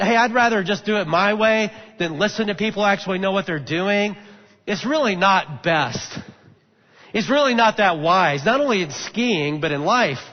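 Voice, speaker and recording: Middle-aged pastor guy, high voice, chatty sermon storytelling, muffled, lots of hall echo. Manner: conversational, acts out quoted voices. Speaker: senior pastor. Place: church auditorium. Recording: muffled recording in a large echoing hall.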